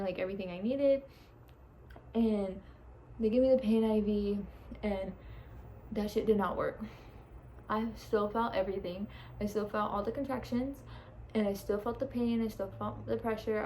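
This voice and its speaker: A woman's voice: medium pitch, warm tone, rough recording. Chatty young woman with a lilt. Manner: chatty, laughs often, swears freely. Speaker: vlogger. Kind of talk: casual storytelling. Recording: faint background noise.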